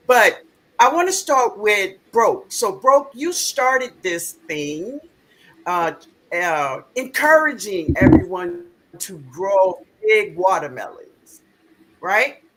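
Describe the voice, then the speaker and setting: A woman's voice: mid-range voice, expressive, slow pace, a bit bright. A woman hosting a live stream in a casual, chatty way, greeting viewers by name and laughing often.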